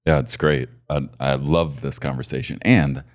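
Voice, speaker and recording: A man hosting a podcast, chatting casually and warmly affirming his guest, laughing easily as he talks. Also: a bass voice, fairly even intonation, normal speed. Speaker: podcast host. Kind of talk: casual chat.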